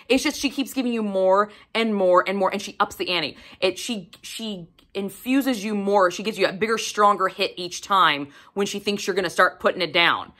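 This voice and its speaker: Woman, young adult, bright tone; casual book vlogger, blunt and profane, very animated delivery. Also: mid-range voice, normal speed, hardly any pauses. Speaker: book reviewer. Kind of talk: casual book review vlog.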